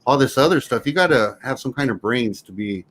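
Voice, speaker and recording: A man's voice: medium pitch, expressive, brisk, fairly bright tone, low-quality recording. A man guesting on a wrestling chat, giving earnest, explanatory advice in casual conversation.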